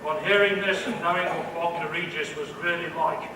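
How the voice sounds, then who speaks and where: Dry, witty male professor giving a commencement speech, voice a little high, heard from a distance in a noisy hall. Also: steady tone, fairly quick. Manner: dry, witty delivery of jokes and quotes. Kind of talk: humorous commencement address. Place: large indoor hall.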